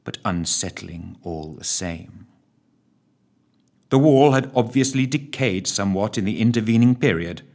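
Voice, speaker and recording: A man narrating a story in an expressive, dramatic reading. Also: mid-range voice, slightly rough.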